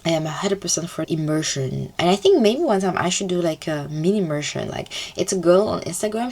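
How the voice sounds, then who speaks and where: Woman, gravelly voice, animated pitch, chatty vlog advice. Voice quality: chatty, loose grammar, fillers like "like" and "poof". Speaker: language learning vlogger. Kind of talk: casual advice to camera.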